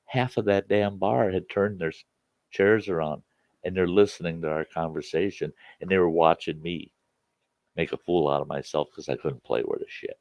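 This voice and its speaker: A man's voice: low voice, fairly even intonation, normal speed, a little mellow, no echo. A man hosting a casual chat show, telling rambling, folksy stories with many restarts. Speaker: campfire chat show host.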